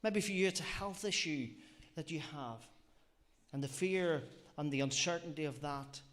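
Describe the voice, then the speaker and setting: A man's voice: fairly high pitch, moderate pace, a bit bright. A man preaching a sermon, earnest and reflective, often repeating phrases and asking rhetorical questions. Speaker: lay preacher.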